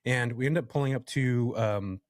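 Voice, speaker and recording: A man from California, a podcast guest, telling a story from his working life in a casual, animated way and addressing the listeners directly. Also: medium pitch, normal speed, dry recording, studio quality. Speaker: podcast guest, real estate investor.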